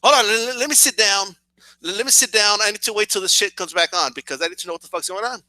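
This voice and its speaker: A man's voice: high-pitched, fast talker, no room sound. A young man with a slight cough, ranting comically to camera, swearing a lot and stammering over repeated words. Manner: animated, swearing, stammering repeats, acts out shouts. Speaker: boxing channel vlogger.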